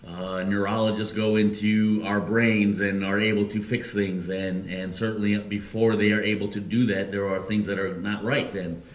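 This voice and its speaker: Deep-voiced Midwestern pastor, halting sermon. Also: male voice, little pitch movement. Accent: Midwestern American. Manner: halting, many fillers and restarts. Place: church sanctuary. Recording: echoey church room.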